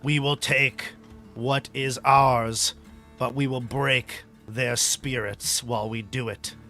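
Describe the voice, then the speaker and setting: A man voicing a cruel, domineering male giant chief with a guttural tone and slow, menacing delivery. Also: mid-range voice, steady tone, sharp tone, soft background music. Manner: slow, menacing, drawn-out words.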